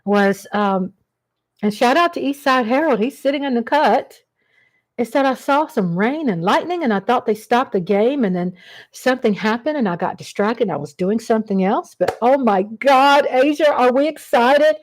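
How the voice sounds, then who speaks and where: A woman's voice: a little high, animated, moderate pace. Chatty woman hosting a livestream. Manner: rambling, chatty, greets viewers by name. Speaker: livestream host. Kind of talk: casual live-chat monologue.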